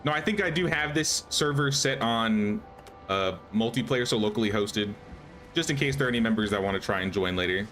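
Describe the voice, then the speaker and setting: A young man with a lowish, fairly bright voice streams a survival game. His live commentary is casual, with him thinking aloud and frequently restarting what he says.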